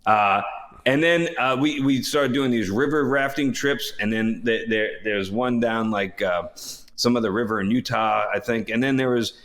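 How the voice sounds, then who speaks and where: A man's voice: mid-range voice, moderate pace, fairly bright tone. A man in his fifties co-hosting a podcast, telling rambling, self-correcting anecdotes in a casual chat with chuckles along the way. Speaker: podcast co-host.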